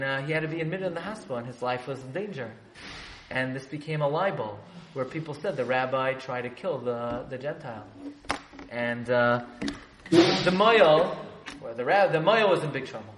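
Animated man teaching in an echoey room. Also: medium pitch. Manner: animated, joking asides with the audience. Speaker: religious teacher. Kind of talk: storytelling class. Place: room with a live audience. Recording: echoey room, faint background noise.

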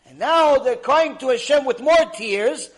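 A man, a rabbi, teaching a Torah lecture, retelling the story dramatically with sudden loud and soft swings and Hebrew religious terms. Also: very high-pitched, measured pace.

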